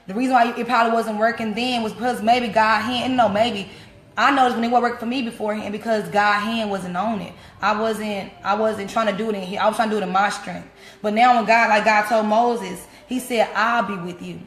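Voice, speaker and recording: A woman's voice: medium pitch, fairly even intonation, fairly quick. A woman preacher giving an informal sermon straight to her listeners. She talks in plain, everyday words and keeps repeating her key phrases. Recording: echoey room.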